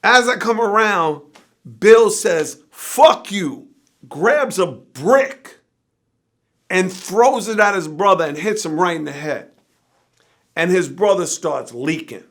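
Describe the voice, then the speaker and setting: A man with a bright, somewhat high voice tells an interview story full of swearing. His delivery jumps between excited bursts and low, weary muttering. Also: slow. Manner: animated, profane anecdote telling; shifts between energetic bursts and low tired murmurs. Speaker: interview guest.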